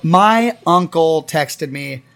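Animated higher-voiced man hosting a podcast. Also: slow pace. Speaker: podcast host. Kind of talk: casual chat.

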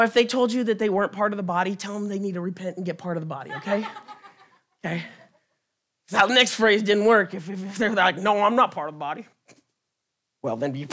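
Slow, impassioned male preacher. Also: high voice, breathy edge. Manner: impassioned, building to shouting. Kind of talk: sermon. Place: church.

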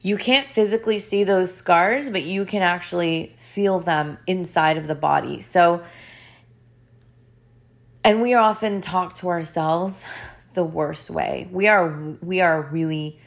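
A woman's voice: lowish voice, gravelly. A woman hosting a podcast as a life coach, talking earnestly and with emphasis, often repeating her phrases. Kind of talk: motivational podcast monologue.

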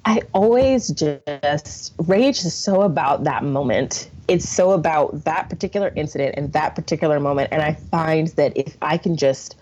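A young adult woman, a podcast guest, telling stories in an animated way and often laughing through casual conversation. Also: low-pitched, moderate pace, few pauses. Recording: dull lo-fi sound.

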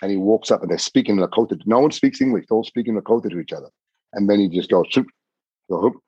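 A middle-aged man with a low, husky voice tells a long personal story in vivid detail, often repeating himself as he goes. The recording is dry and a bit muffled. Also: racing, warm tone, dry recording. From Australia. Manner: vivid, repeats words, swears casually. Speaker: podcast guest.

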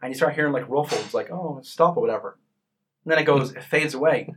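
A man co-hosting a casual gaming chat, telling stories with lively acted-out quotes. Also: quick pace, slight background noise. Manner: animated storyteller, acts out quotes in a higher voice. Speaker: podcast co-host.

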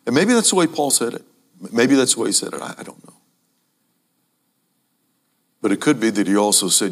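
A man preaching a sermon to a congregation, emphatic, repeating key phrases and speaking to the audience as ladies and gentlemen. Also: fairly low pitch, very animated, moderate pace, long pauses.

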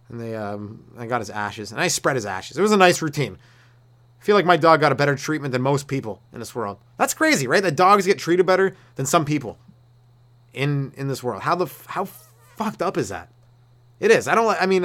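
A male comedian hosting a solo podcast, rambling and cursing through a loose rant, laughing at his own jokes and slipping into quick mock voices. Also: mid-range voice, animated, sharp tone. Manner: slips into quick mock voices for quoted people.

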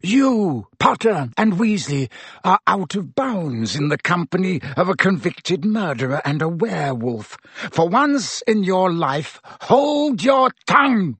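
A man's voice: on the high side, sing-song, slow, gravelly, fairly bright tone, husky, dry recording, full character voice. Snape, a sneering teacher voiced by a man. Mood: spitting fury. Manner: silky, hissing, rising to shrieks. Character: cold sneering male schoolteacher, middle-aged, vindictive.

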